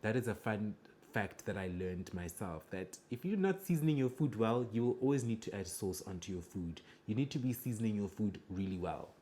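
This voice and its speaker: A man with a fairly low voice reacts to clips with blunt, judgmental remarks. He lectures his viewers in a direct, opinionated way. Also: expressive, fairly quick, hardly any pauses, warm tone. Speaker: reaction video host. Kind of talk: reaction commentary.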